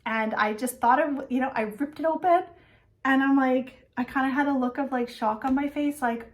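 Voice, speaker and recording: A woman's voice: high voice, moderate pace. Chatty woman telling a story. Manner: chatty storytelling, many fillers, acts out quotes. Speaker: flosstube host. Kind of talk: casual chat.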